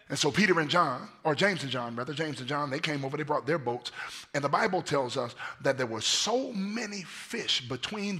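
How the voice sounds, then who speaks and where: A man preaching a lively sermon in a hoarse voice, swinging from shouts down to near-whispers and telling stories in casual slang. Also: mid-range voice, moderate pace. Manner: casual slang-laced storytelling. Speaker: pastor.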